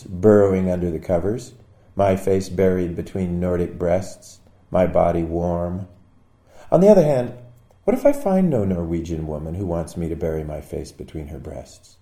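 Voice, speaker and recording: A man reading his own poem in a wry, musing way, with sudden loud outbursts. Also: fairly low pitch, roomy sound. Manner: wry, musing delivery with sudden bursts of loudness. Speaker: poet. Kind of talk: poetry reading.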